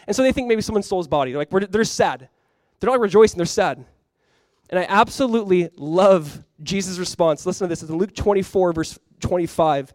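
A young man with a notably high voice preaches with animated, casual energy, talking to his congregation as if chatting with friends. The sound is dry and close, with almost no room around it. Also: fast talker, no echo. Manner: animated, conversational preaching with frequent "like". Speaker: pastor. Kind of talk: sermon.

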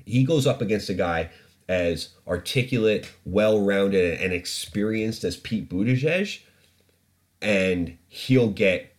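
A man with a very low voice holds forth as the host of a studio podcast. He rants about the news in a loose, opinionated way, swearing freely and laughing at his own points. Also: slow. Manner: ranting, profane and opinionated, with frequent laughs. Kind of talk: casual solo podcast commentary.

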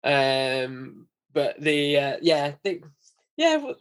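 A man with a fairly high voice talks football in a relaxed, matey way, breaking into easy laughs. He speaks casually and loosely. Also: extremely slow, clear, resonant tone. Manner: laid-back, laughing, says "mate". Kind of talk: casual football podcast chat.

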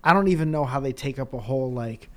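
A man hosting a podcast, telling stories in a casual, animated way full of swearing and jokes. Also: mid-range voice, fast. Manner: animated storytelling, profane and jokey. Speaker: podcast host. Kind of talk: casual chat.

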